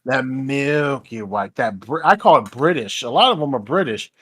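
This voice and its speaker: A man in the middle of a loose, casual chat on a stream. He rambles and often breaks off, swears and laughs easily, and his pitch sits right in the middle. His voice is close and dry, with no room sound. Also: sing-song, brisk, fairly bright tone, breathy edge, no room sound. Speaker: stream host.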